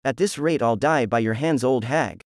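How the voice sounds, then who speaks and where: A man's voice: mid-range voice, moderate pace, no echo, studio quality, lightly acted. A man voicing a cocky, reckless teenage ninja antihero with a smug, mocking way of talking.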